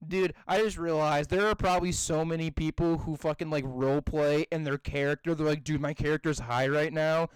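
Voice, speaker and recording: A young man co-hosting a podcast, chatting casually and swearing a lot while telling animated stories. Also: fairly high pitch, a little fast, few pauses, clean tone, no room sound, low-quality recording. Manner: profane, animated storytelling with mock voices. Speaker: podcast co-host. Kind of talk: casual chat.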